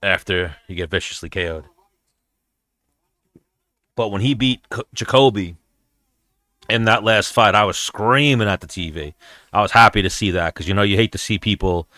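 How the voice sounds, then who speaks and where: Low, smooth-voiced man in casual commentary. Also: normal speed, pauses often, bright, forceful tone, no echo, clean studio sound. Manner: profane, storytelling. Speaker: show host.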